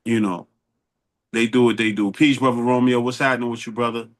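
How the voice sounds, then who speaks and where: A man talking casually about his troubles in a halting way, repeating words, with preacher-like phrasing. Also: medium pitch, steady tone. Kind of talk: casual chat.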